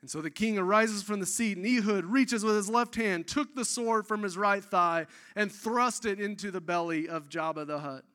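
A man preaching a sermon, telling a scripture story in an animated, excitable way with casual asides. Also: sits high, normal speed, few pauses, clear, resonant tone.

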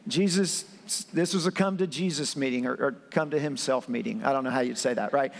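A man's voice: mid-range voice, fairly quick, vocal fry, in a large hall. A man preaching a sermon in a conversational, storytelling way, acting out scenes with his voice. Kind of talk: animated sermon.

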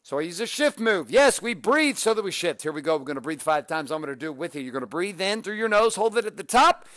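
Energetic man coaching breathing drills. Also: sits high, fast, no room sound, clean studio sound. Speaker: motivational podcast host. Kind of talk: motivational coaching talk.

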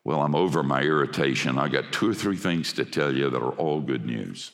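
An older man preaching a sermon emphatically, swinging from hushed passages to shouts. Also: extremely low pitch, fairly quick. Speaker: pastor. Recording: long hall reverb.

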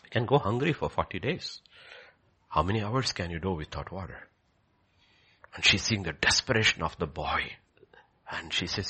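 A male preacher delivering a sermon with a husky voice. His pitch is very lively, jumping high for emphasis and then falling to quiet, almost whispered passages. He keeps moving between loud declarations and hushed storytelling.

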